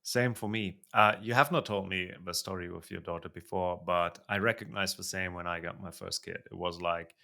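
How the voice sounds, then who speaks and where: A man hosting a podcast interview in a relaxed conversational style, pausing and searching for the right words. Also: deep voice, gravelly. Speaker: podcast host.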